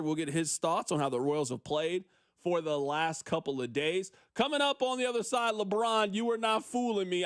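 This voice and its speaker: A man hosting a sports radio show, riffing on listener texts in an animated, opinionated way. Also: high-pitched, no room sound, clean studio sound. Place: radio studio.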